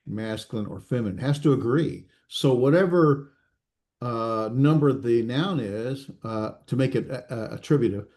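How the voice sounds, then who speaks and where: A male instructor in a recorded class session, talking in a mellow, dark-toned voice. He explains patiently but haltingly, full of uh's and restarts, correcting himself and asking the students if they follow. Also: mid-range voice. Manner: halting, many fillers and restarts; checks in with students, self-correcting.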